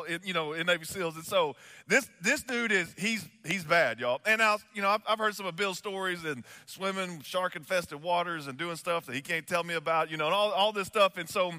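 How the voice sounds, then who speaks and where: A man preaching as a pastor, telling stories in a chatty, animated way full of fillers. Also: high voice, big-room sound. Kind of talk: sermon with storytelling.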